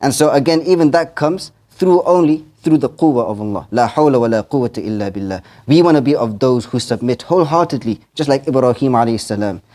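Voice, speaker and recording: A man's voice: mid-range voice, fast, few pauses, a little mellow. A man, an imam, giving a sermon in the manner of an earnest storyteller, quoting Arabic verses and translating each one.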